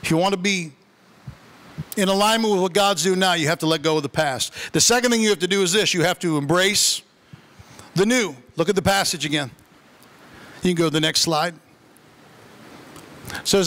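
A man's voice: high voice, animated, normal speed, long pauses, sharp tone. A male pastor preaching a sermon in a church, telling humorous, conversational stories. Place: church sanctuary. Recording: long church reverb.

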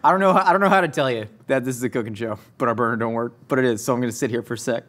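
A man hosting a casual cooking demonstration in a kitchen studio, joking and wandering into rambling asides, jumping into a high squeaky voice when acting out stories. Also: very fast, a bit bright. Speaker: cooking show host.

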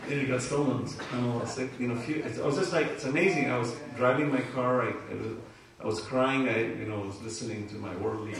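A man's voice: mid-range voice, quick pace, crowd noise. Man preaching in an echoey hall. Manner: emotional, animated storytelling with laughter. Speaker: Islamic speaker. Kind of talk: lecture with personal stories. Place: community centre hall. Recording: echoey hall, speaker far from mic, faint noise.

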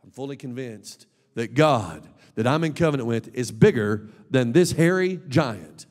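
A man preaching an emphatic, animated sermon as a pastor, with bursts of shouting. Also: medium pitch, measured pace. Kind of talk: lively sermon. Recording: long reverb of a large hall.

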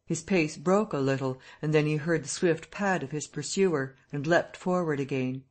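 A man reading a classic novel aloud as an audiobook narrator, telling the story in a steady, even way. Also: a little high, moderate pace.

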